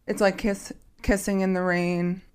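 A woman, a therapist co-hosting a podcast, talking in a relaxed, hesitant way with many fillers. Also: mid-range voice, measured pace, clean tone. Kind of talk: casual podcast chat.

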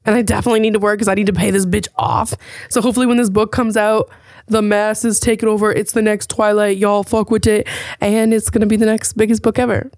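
A woman podcast host rattling through stories in a loose, casual way, cursing freely as she talks. Her voice sits at an ordinary pitch. The sound is dry and close, with no room around it. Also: no room sound. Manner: chatty, swears freely, animated storytelling. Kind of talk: casual chat.

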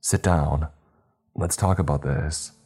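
A man's voice: rumbling low, steady tone, takes it slowly, warm tone, slightly rough, exaggerated voice. A man voicing a wary young woman store worker, who sounds cautious and defensive.

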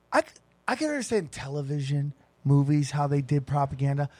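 A man with a notably high voice talks in casual podcast chat, crude and jokey, full of exclamations. The sound is dry and close. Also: sing-song, fairly quick, warm tone, no echo. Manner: profane, joking, exclamatory.

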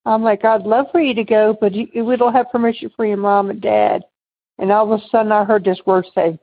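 A woman's voice: mid-range voice, fairly even intonation, fairly quick, husky. A woman caller telling a personal ghost story in a casual, rambling way. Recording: phone line, muffled.

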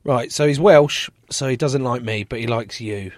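A man's voice: medium pitch, normal speed, dry recording, clean studio sound. A man from England hosting a podcast, joking around in casual chat and swearing freely. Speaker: podcast host.

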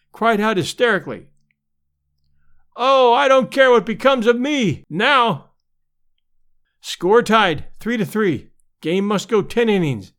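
A man narrating a vintage sports story as an audiobook reader, telling it expressively and giving the crowd's shouts their own voices. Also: sits high. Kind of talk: dramatic scripted narration.

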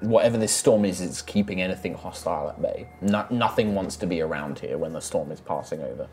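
Deep-ish guy running a d&d game, kinda halting, lots of ums, bit of hiss. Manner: relaxed, hesitant narration with fillers. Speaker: game master. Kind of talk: narrating a tabletop game.

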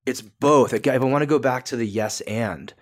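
A man's voice: medium pitch, normal speed. A man, a podcast guest, talking earnestly and emphatically in a coaching tone. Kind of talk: podcast interview.

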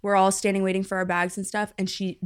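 A woman's voice: medium pitch, level tone, clear, resonant tone. Chatty young woman co-host. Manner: chatty, filler-heavy, quick reactions. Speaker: podcast co-host. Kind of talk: casual chat.

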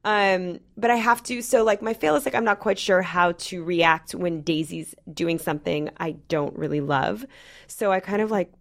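A woman's voice: lowish voice, moderate pace, vocal fry. A woman in her thirties co-hosting a podcast, chatting casually and frankly, swearing freely and filling her sentences with "um" and "like.". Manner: frank and profane, full of "um" and "like". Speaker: podcast co-host. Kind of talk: casual chat.

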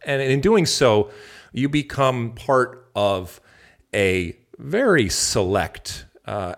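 A middle-aged man from the United States hosting a soccer podcast, with an emphatic, playful showman delivery. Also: medium pitch. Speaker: podcast host. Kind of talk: casual soccer podcast chat.

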